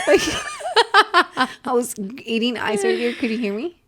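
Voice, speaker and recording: A woman's voice: high voice, takes it slowly, a little hiss or hum. A young woman co-hosting a podcast in casual chat, asking questions and wrapping up the episode. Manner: relaxed, asks questions and runs the outro. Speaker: podcast co-host.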